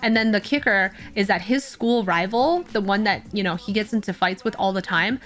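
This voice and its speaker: Young woman streamer, rambling casual storyteller, soft music underneath. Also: mid-range voice, moderate pace. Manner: rambling, heavy on "like" fillers, animated storytelling. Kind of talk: casual chat. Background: faint music.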